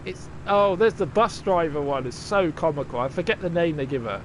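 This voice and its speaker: A man's voice: a little high, animated, fairly quick, slight background noise. A man chatting casually and sarcastically while streaming a game, swearing freely. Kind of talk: casual live-stream chat.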